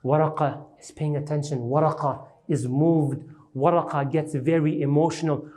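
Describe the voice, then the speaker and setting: High-voiced man telling a story dramatically. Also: fairly even intonation, normal speed, warm tone. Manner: engages the audience with questions. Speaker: Islamic lecturer. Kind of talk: storytelling lecture.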